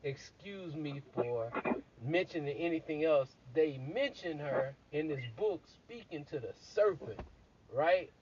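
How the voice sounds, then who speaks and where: A man casually retelling a story in a blunt, crude, animated way, full of profanity. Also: fairly high pitch, slow pace, a little hiss or hum. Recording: dull lo-fi recording.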